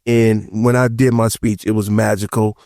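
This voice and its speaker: A man on a podcast panel telling personal stories in casual chat, animated and acting out the voices of the people he quotes. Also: on the low side, normal speed, dry recording, studio quality. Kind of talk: casual roundtable chat, storytelling.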